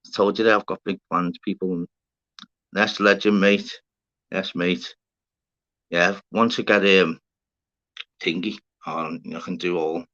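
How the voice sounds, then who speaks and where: A man's voice: low voice, steady tone, unhurried, long pauses, a bit bright. A man hosting a casual livestream, rambling, swearing and bantering with viewers in the chat. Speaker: livestream host. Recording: dull lo-fi stream audio.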